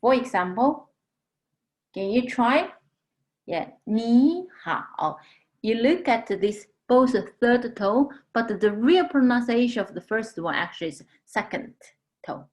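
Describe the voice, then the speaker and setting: A woman teaching a language lesson, patiently explaining tones and drawing out model words slowly. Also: on the high side, animated, a little mellow. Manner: slow, patient, drawn-out model pronunciations.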